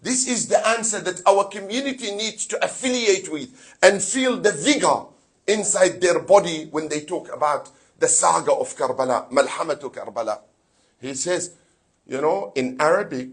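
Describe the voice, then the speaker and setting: Fervent preacher with a husky high voice. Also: male voice. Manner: fervent, rhetorical questions, mixes in Arabic phrases and Quran recitation. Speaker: sheikh giving a Muharram lecture. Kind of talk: sermon.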